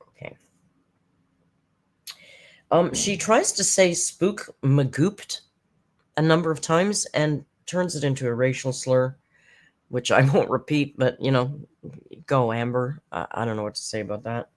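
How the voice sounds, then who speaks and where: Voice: mid-range voice, a little slow, pauses often. A commentary channel host recapping a livestream in a chatty, sarcastic tone, with mocking asides.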